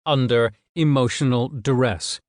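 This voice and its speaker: A man's voice: medium pitch, unhurried, darkish tone, dry recording, clean studio sound, natural voice. A man reading an audiobook, voicing a bitter, sarcastic young psychic who speaks in a biting way.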